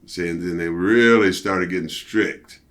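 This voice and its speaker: A middle-aged man with a low-set voice recounts his past in a relaxed interview. He tells it loosely and profanely, tossing in "you know" and "see", and leaps up in pitch when he acts out his own outbursts. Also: unhurried. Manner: animated storyteller, jumps high for quoted outbursts. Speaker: interview guest, former pro wrestler. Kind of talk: casual storytelling interview.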